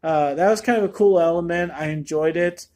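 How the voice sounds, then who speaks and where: Male reviewer, somewhat high voice, off-the-cuff and rambling, lots of fillers. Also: a little fast, darkish tone. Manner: candid, rambling, with many fillers. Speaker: movie reviewer. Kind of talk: casual spoken review.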